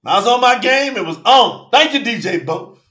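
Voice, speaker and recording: Fiery high-voiced man preaching. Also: lively intonation, normal speed, echoey room. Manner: impassioned, shouting, calls out listeners by name. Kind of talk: fiery sermon on a live stream.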